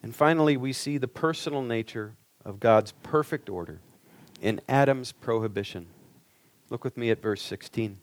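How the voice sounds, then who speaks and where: A man's voice: mid-range voice, normal speed, dry recording. A male preacher giving an earnest sermon, pressing the listeners with rhetorical questions.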